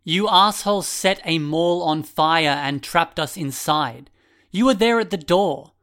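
A man's voice: medium pitch, level tone, moderate pace, clean tone, natural voice. A man voicing a bitter, accusing teenage boy. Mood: furious. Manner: angry, accusing, loud.

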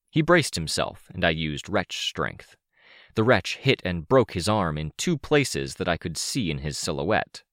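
Deep guy reading an action audiobook, lively up and down voice. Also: dry recording, clean studio sound. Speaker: audiobook narrator. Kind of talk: first-person fiction narration.

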